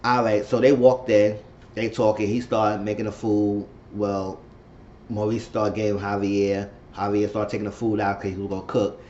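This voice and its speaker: A man giving a casual recap of a TV episode, chatting and reacting loudly to what the characters do. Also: on the low side, flat delivery, moderate pace, lo-fi sound, a little hiss or hum. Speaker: TV show reviewer.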